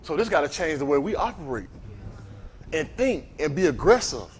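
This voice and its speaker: Casting: animated male preacher, high and lively delivery, asks the room. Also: moderate pace, a little hiss or hum. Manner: animated, calls out to the congregation. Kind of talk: sermon.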